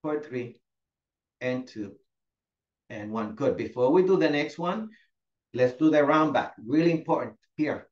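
A man's voice: medium pitch, unhurried, long pauses. Encouraging male fitness instructor, echoey room. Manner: encouraging, calls students by name. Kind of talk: live class instruction. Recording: echoey, dull lo-fi room sound.

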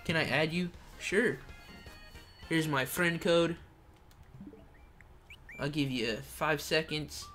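A young man livestreaming a kart racing game, reading chat and shouting during play. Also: a little high, takes it slowly, long pauses, faint music behind. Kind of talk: live gameplay streaming.

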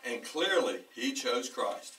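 A pastor telling a story in a sermon, animated and often laughing as the congregation chimes in. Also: male voice, medium pitch, takes it slowly. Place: church hall. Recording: distant church recording.

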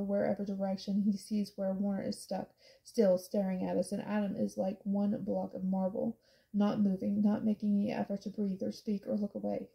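A woman reading a novel aloud in first person, quiet and intimate. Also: mid-range voice, gravelly, low-quality recording. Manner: quiet, intimate, dropping to soft whispers. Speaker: audiobook reader.

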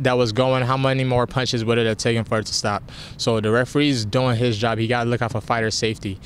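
Candid young man, faint rumble behind. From family from Nigeria. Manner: candid, emotional, gets choked up. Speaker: fighter interviewed after a win. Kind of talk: post-fight interview.

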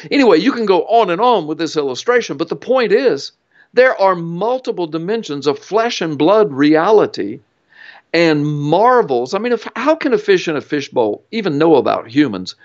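A man's voice: high-pitched, very animated, a little fast, muffled recording. A man guest in an interview, explaining with an earnest, emphatic, preacherly storytelling manner. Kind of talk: interview teaching.

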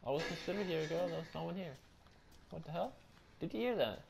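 A young man doing casual let's-play commentary on a horror game, loud, joking and slangy. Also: on the high side, animated, fast, creaky, noisy background. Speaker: gameplay streamer.

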